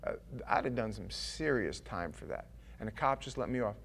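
A man's voice: fairly low pitch, moderate pace, creaky, husky. A man, preaching a sermon and telling stories with acted-out voices. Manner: animated storytelling, acts out voices. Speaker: pastor.

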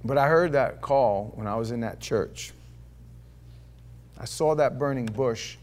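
A man preaching a sermon to a congregation, telling stories and then reading scripture aloud, swinging between loud declaiming and hushed asides. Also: mid-range voice, unhurried. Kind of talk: sermon with personal storytelling. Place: church before a live congregation.

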